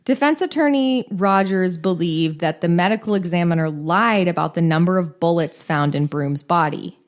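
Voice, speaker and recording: Low-voiced woman telling true crime. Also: moderate pace. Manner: reads case notes with joking asides and profanity. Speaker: podcast co-host. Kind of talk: casual true-crime storytelling.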